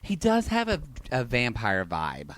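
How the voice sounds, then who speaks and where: Male co-host, sarcastic teaser, bright, forward tone with lots of pitch movement, dry sound. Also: wildly swooping pitch, measured pace, no room sound. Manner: teasing, sarcastic banter. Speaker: podcast co-host. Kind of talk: casual chat.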